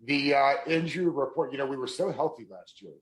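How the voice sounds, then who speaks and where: A man hosting a sports podcast, asking his guest questions in a relaxed, conversational way. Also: mid-range voice, fairly quick, rough recording. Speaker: podcast host. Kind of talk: casual podcast interview.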